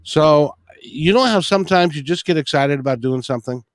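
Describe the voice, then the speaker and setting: A man's voice: a little high, fairly quick, no echo, clean studio sound. Chuckling male host telling a story. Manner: warm-humored, chuckling storyteller, restarts phrases. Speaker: interview host. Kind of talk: casual storytelling in an interview.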